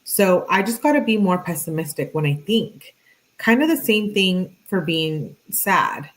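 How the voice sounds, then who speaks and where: A woman with a lowish voice reads text messages aloud for her true-crime commentary. She breaks in with blunt, exasperated, conversational asides. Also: animated, measured pace, low-quality recording.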